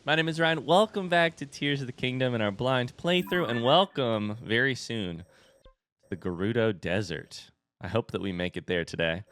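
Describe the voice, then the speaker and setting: A man hosting a let's play, giving excitable and self-mocking commentary as he plays. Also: medium pitch, moderate pace, a little hiss or hum. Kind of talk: gameplay commentary.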